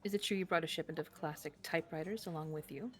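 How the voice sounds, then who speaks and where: A woman voicing a smooth, poised jewel swindler. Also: low-pitched, fast, close to an everyday voice.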